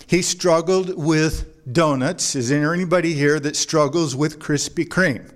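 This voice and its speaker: A pastor delivers a sermon to his congregation in a relaxed, conversational manner. He mixes in jokes and asides. His voice sits a little on the higher side for a man. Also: measured pace. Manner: conversational preaching with humor and anecdotes. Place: church before a congregation.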